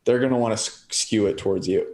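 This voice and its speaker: Low-voiced relaxed man chatting. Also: fast, a little hiss or hum. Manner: relaxed, conversational, asks questions. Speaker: podcast co-host. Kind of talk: casual chat.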